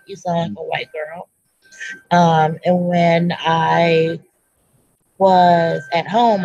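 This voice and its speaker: A woman in a class discussion, recounting her experiences slowly and thoughtfully with fillers. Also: lowish voice, darkish tone, no echo, dull audio. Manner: slow, thoughtful storytelling with fillers. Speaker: graduate student in a class webinar. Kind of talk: casual discussion.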